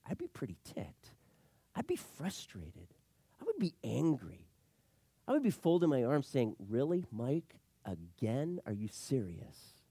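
A middle-aged man delivers a sermon as a pastor, his pitch rising and falling widely. He moves from loud emphatic lines to hushed asides. The sound is dry and close. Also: breathy edge, no echo.

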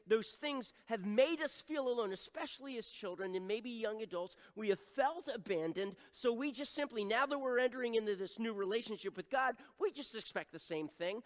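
A middle-aged male pastor preaching an animated sermon, acting out voices and adding self-deprecating asides. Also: extremely high pitch, fairly quick, few pauses, in a large hall.

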